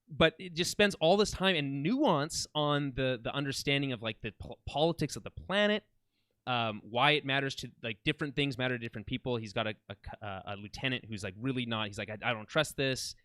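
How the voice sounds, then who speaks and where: A man's voice: mid-range voice, animated, brisk, fairly bright tone, clean tone, dry recording. A man co-hosting a podcast, chatting casually and enthusiastically about a TV series, often restarting his sentences. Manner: rambling, enthusiastic, many restarts. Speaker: podcast co-host. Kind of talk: casual film and TV chat.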